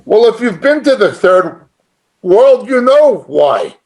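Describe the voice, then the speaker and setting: A middle-aged man, a Bible teacher with a high, very animated and slightly mellow voice, teaches an informal sermon at a slow pace. He's conversational and emphatic, chuckling now and then.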